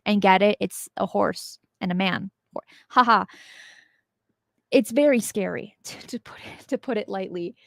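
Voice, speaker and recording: A woman's voice: medium pitch, measured pace, creaky, no room sound, studio quality. A woman hosting a show on unexplained mysteries, chatting casually as she tells a scary legend and laughs at her own jokes. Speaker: podcast host. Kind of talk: casual storytelling about legends.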